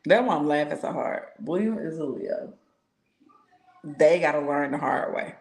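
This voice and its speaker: A woman's voice: low-pitched, normal speed, gravelly, reverberant. A woman, a tarot reader, chatting casually with her viewers, telling stories with lots of laughter and slang. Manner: laughs often, animated storytelling, slangy. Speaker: tarot reader and spiritual consultant. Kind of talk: casual livestream chat with viewers.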